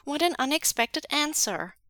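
A woman's voice: sits high, expressive, unhurried, pushed and bright, dry recording, studio quality, voice pushed up, exaggerated voice. A woman voicing a cheerful, awkward teenage boy apprentice witch who asks bouncy, nosy questions in an audiobook reading of fan fiction.

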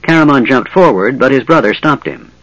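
Brief: male audiobook narrator, even mid-range voice, measured storytelling, dry, muffled sound. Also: medium pitch, no echo.

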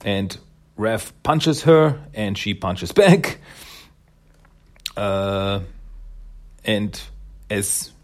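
Man, low voice, casual, rambling, many fillers. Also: lively intonation, drawn-out words, long pauses. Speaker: comic book reviewer. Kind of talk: casual comic recap.

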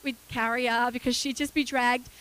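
A woman's voice: on the high side, flat delivery, moderate pace, fairly bright tone, clear, resonant tone, rough recording. A woman preaching a sermon, earnest and emphatic, repeating key phrases and often chuckling.

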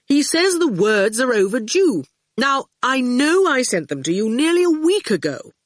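A woman's voice: high voice, sing-song, normal speed, no room sound, clean studio sound, voice pushed up. A woman voicing an exasperated, indignant father in a storybook reading. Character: flustered middle-aged father, a writer.

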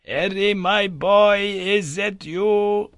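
A man voicing an older scholarly uncle who speaks slowly and reassuringly, with a raised pitch. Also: vocal fry, fairly bright tone, no room sound, exaggerated voice. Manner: slow, deliberate and reassuring. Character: older male scholar uncle, steady and encouraging.

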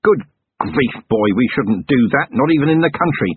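A man's voice: medium pitch, expressive, normal speed, a little hiss or hum, pitched above the performer's own voice, close to an everyday voice. A man voicing a seasoned male police chief who coaches a recruit in a dry, wry way. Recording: narrow phone-like band, dry.

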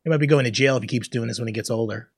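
A man's voice: medium pitch, rapid-fire, breathy edge. A man co-hosting a podcast, chatting casually, laughing often and swearing now and then. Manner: laughs often, swears, acts out quoted people. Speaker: podcast co-host. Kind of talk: casual chat.

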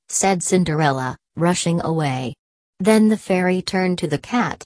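A woman reads a fairy tale aloud in a measured, expressive storybook style. Her voice sits low, and the recording is dry and close with no room around it. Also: dry recording. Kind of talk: scripted storybook narration.

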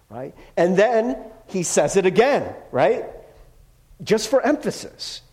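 A male pastor delivers a sermon in an easy, conversational way, full of slang and asides. His voice sits high and swings widely in pitch. He drops to a near hush when he quotes scripture. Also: normal speed. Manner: animated, casual slang, drops to hushed voice for quotes.

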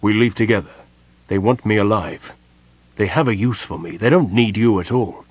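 A man voicing a proud, bitter male mage who speaks crisply and commandingly. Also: on the low side, moderate pace, no room sound. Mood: stern.

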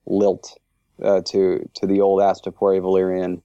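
A man's voice: low-pitched, completely flat delivery, normal speed, mellow, clean tone, no room sound, lo-fi sound. A man guesting on a podcast interview, talking enthusiastically and rambling with lots of fillers. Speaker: interview guest, language creator. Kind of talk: casual interview chat.

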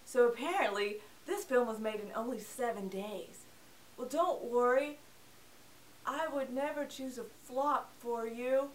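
A woman's voice: on the high side, unhurried, far from the mic, poor audio. Playful, sarcastic woman reviewing films. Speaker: film review host. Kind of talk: casual scripted movie review.

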